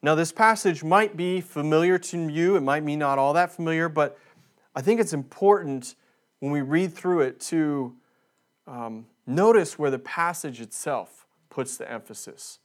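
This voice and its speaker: A man's voice: a little high, a little slow. A man speaking as a visiting missionary in a church, preaching earnestly and building emphasis as he makes his points. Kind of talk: sermon.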